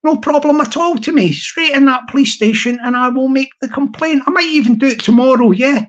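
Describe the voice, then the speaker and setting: A man, talking casually on his live stream in a rambling, halting way full of fillers and restarts. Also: very high voice. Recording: dull lo-fi sound.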